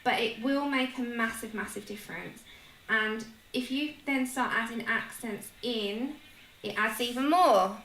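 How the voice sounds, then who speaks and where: A woman's voice: on the high side, unhurried, fairly bright tone. A woman with a London accent hosts a livestream and chats casually while colouring, laughing at herself often. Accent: London English. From London, England. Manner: chatty, self-deprecating, laughs often. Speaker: livestream host. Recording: echoey room with faint noise.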